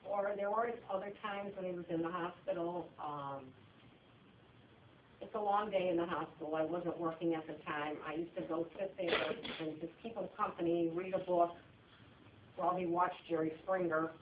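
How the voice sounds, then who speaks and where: A woman giving a funeral eulogy, sharing personal memories in a conversational way with pauses and restarts. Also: lowish voice, fairly even intonation, background noise. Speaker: eulogy speaker. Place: funeral service room. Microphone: phone recording from the audience. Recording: echoey room, distant tinny phone audio.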